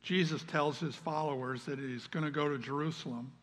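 A male pastor preaches a sermon in a church sanctuary, his voice sitting a little high for a man. He talks earnestly, swinging from loud calls to hushed asides. A long reverb from the hall hangs after his words. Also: fairly even intonation, brisk.

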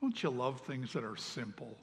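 A man giving a sermon as pastor, earnest, swinging between loud calls and hushed asides. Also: mid-range voice, big pitch swings, normal speed, gravelly. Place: church sanctuary. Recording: long reverb of a large hall.

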